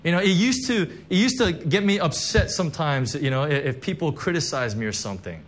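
A man's voice: a little high, animated, brisk. A man preaching a sermon, telling a personal testimony in a conversational, emotional way with many fillers and restarts. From Korean heritage, church background. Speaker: pastor.

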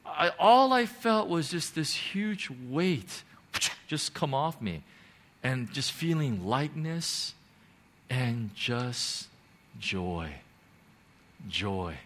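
A man recounts a personal faith story with a bright, tense edge to his voice. He is earnest and emotional, sinking to quiet, low moments before surging up loud and high. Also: expressive, takes it slowly. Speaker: speaker sharing a faith testimony.

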